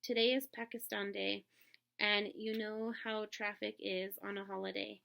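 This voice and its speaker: A gentle, steady uncle from a read-aloud storybook, as a woman voices him. He speaks calmly to comfort his family, with a slightly gravelly texture. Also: mid-range voice, unhurried. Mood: reassuring. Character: reassuring grown man, a family uncle.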